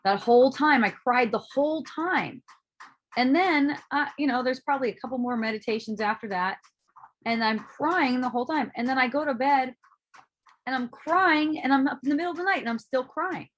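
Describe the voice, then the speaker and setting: A woman's voice: high voice, normal speed. Candid woman telling a personal story. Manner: candid, casual and animated, with frequent "um" and "like", occasional swearing. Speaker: spiritual speaker and author.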